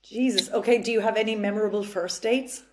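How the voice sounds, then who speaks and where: A woman's voice: medium pitch, steady tone, fast talker, darkish tone, a little hiss or hum. A woman hosting a podcast interview, asking questions and reacting with short exclamations and quips. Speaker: podcast host. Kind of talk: casual interview chat.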